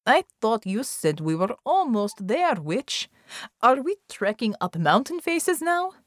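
A woman voicing a gruff male team leader for an audiobook, speaking stern, broken English. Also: fairly high pitch, sing-song, a little slow, no room sound, studio quality, pitched above the performer's own voice. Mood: grumbling.

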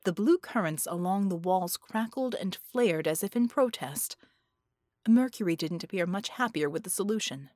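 A woman reading an audiobook with scripted narration, in an even storytelling manner. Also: mid-range voice, moderate pace, no echo, studio quality.

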